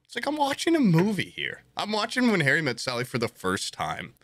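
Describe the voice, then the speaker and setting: A man's voice: on the high side, fairly quick, no echo. A young man co-hosting a podcast, telling profane stories in a casual chat and acting out the people in them. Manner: profane, animated storytelling with voiced impressions. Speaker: podcast co-host.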